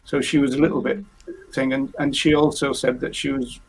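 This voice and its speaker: A man hosting a casual live-stream chat over a video call, talking haltingly with many fillers and restarts. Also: mid-range voice, flat delivery, creaky, husky, poor audio. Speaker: host.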